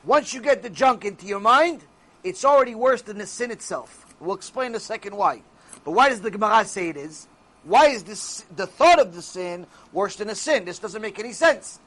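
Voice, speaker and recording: Man, very high pitch, religious teacher, Torah lecture, emphatic, rhetorical questions. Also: expressive, moderate pace, a bit bright. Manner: emphatic, answers his own rhetorical questions.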